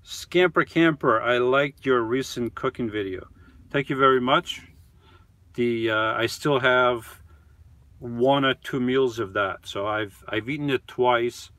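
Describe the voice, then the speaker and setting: A man's voice: medium pitch, slow pace, a bit bright, no room sound. A man hosting a casual live stream from his camper van, reading viewer comments aloud and answering them one by one in an easygoing, chatty way that often trails off.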